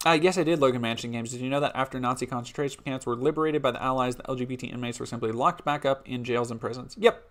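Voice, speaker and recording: A man's voice: mid-range voice, fast. A man streaming live, reading a history script aloud and breaking off for casual, laughing asides to chat. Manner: casual, laughing asides between read passages.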